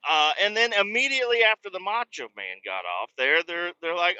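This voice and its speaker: Rambly potty-mouthed dude podcasting from his car, super bright voice, kinda lo-fi. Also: on the high side, brisk, hardly any pauses, no room sound. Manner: animated, rambling, swears often, laughs a lot. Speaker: podcast host. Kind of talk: casual podcast monologue. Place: driving in a car on a bumpy road.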